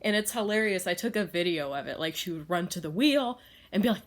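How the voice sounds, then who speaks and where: A woman's voice: fairly low pitch, lively intonation, fairly quick. A woman chatting casually in a home vlog, rambling with lots of fillers and frequent laughs. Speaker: vlogger. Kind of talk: casual chat.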